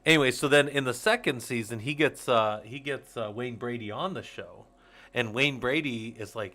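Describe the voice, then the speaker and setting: A man's voice: mid-range voice, moderate pace, bright, forceful tone. A man in his forties hosting a casual livestream, rambling to his viewers, laughing often and swearing casually. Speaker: host of a Linux user group stream.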